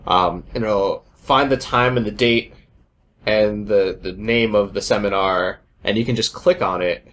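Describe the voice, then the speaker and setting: A man's voice: on the low side, unhurried, fairly bright tone. A young man hosting a podcast in casual chat, joking and wandering off on tangents. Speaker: podcast host.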